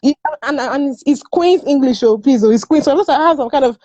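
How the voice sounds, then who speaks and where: A woman's voice: high-pitched, a little fast, dark tone, dry recording, dull audio. A woman from Nigeria, speaking as a guest in a casual discussion. She is emphatic, repeats words and laughs often. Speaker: guest panelist.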